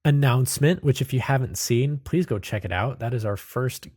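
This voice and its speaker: A man's voice: mid-range voice, normal speed, darkish tone, breathy edge, no echo, studio quality. A man chatting upbeat and casually as host of a tabletop game podcast. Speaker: player and show host. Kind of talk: casual chat.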